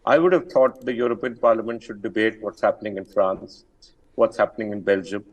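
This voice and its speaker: A man's voice: lowish voice, fairly even intonation, a little fast, highs cut off. An older man, an army general speaking as an interview guest, firm and emphatic with many fillers and restarts. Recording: distant from the mic.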